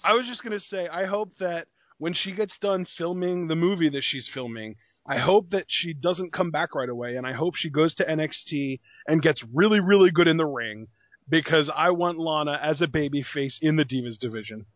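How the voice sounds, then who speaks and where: A man co-hosting a casual wrestling review show, excitable and jokey, with lots of fillers. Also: a little high, normal speed, no echo. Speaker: podcast co-host.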